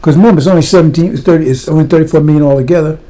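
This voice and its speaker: A man's voice: a little high, racing, mellow. A man preaching a fiery sermon, blunt and impassioned, firing rhetorical questions at his listeners.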